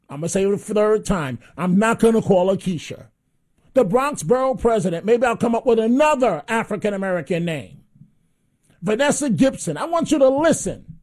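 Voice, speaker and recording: A man with a fairly high voice hosts a call-in radio show. He talks in a combative, mocking way and repeats his jabs for effect. He sounds like a seasoned on-air regular. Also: darkish tone. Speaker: talk radio host.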